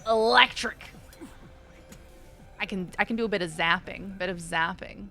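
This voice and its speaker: A woman's voice: fairly low pitch, steady tone, brisk, sharp tone, soft background music. A woman game streamer chatting playfully with her chat as she plays, giggling often. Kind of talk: casual live-stream chat while playing.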